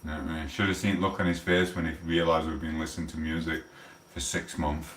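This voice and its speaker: A very deep-voiced man in his forties rambles through a casual live stream, chatty and freely swearing. He sits well back from the mic in a roomy, echoing kitchen. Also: flat delivery, fast, fairly bright tone, slight background noise. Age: 40s. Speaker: livestreamer. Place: home kitchen. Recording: roomy echo, distant from the mic.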